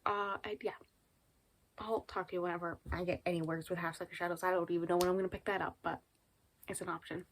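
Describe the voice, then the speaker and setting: A woman's voice: mid-range voice, slight background noise. A woman in her twenties chatting casually in a book vlog, rambling with many fillers and little laughs, recorded at home into a camera in front of her. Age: 20s. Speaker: book vlogger. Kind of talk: casual chat.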